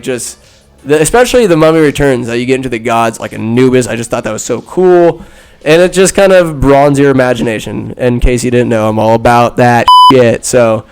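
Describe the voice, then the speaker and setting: A man with a smooth, mid-range voice rambles through a movie recap on his podcast, getting animated and jumping into the characters' lines. Faint music plays underneath. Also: mid-range voice. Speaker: podcast host. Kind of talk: casual solo movie recap.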